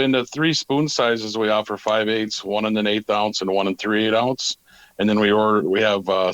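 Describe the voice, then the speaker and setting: A man who owns a tackle company, answering questions plainly and matter-of-factly. His voice sits a little low, and the recording is dry and close. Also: a bit bright, no echo, low-quality recording. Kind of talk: interview answers.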